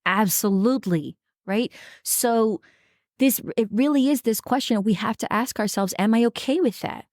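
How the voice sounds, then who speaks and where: A woman's voice: on the high side, normal speed, darkish tone, no echo, studio quality. A woman co-hosting a podcast, talking earnestly and emphatically, often turning to address her listeners directly. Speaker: podcast co-host. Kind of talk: reflective podcast talk.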